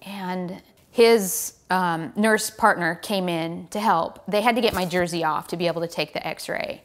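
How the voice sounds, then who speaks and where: An American woman, a professional cyclist, telling a story in a casual, animated way and acting out the lines people said to her. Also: fairly low pitch, unhurried. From United States. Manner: animated, relives the scene with quoted lines.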